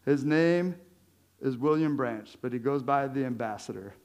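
A male pastor giving a conversational sermon, lively and joking, with chuckles between his points. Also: medium pitch, normal speed.

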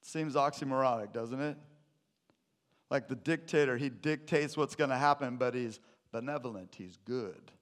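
A man's voice: mid-range voice, moderate pace. Pastor man telling a joke in a sermon. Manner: storytelling with a joke, then teaching.

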